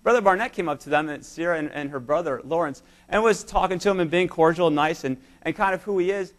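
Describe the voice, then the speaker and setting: A man's voice: a little high, quick pace. A man preaching a sermon in church, speaking emphatically and telling stories to his congregation. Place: church service.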